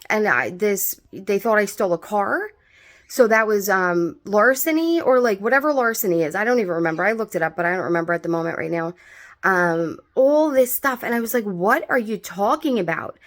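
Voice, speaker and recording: A woman's voice: mid-range voice, a little fast, fairly bright tone. A young adult woman telling a story in a casual vlog, rambling with lots of fillers and swearing freely.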